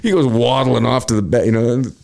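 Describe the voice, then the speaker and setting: A man's voice: medium pitch, fairly even intonation, quick pace, creaky, darkish tone, a little hiss or hum. A middle-aged man telling rambling, profane stories about old work pranks in a casual chat. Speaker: podcast host. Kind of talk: casual storytelling.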